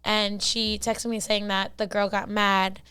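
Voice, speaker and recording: A young adult woman co-hosting a podcast, telling stories loudly and acting out what people said in casual chat. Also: medium pitch, unhurried, smooth, no echo. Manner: loud, animated storyteller who acts out quotes. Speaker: podcast co-host.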